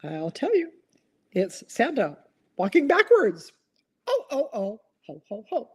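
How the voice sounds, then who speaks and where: Casting: a chatty live-stream host who laughs at her own jokes, with an animated, bouncy voice. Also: on the high side, slow, slightly rough. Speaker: host of a live online chat. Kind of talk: casual live-stream chat, reading viewer comments.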